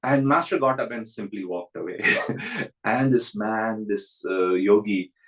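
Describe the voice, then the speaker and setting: A man's voice: lowish voice, expressive, unhurried, rough recording. A man who is a spiritual teacher, giving a reflective spiritual talk and telling stories with frequent chuckles.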